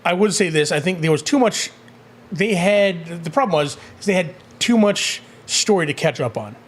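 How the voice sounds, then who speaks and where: A man co-hosting a casual spoiler review of a movie, excitable and quick to act out characters' lines in goofy voices. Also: high voice. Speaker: co-host of a movie review show.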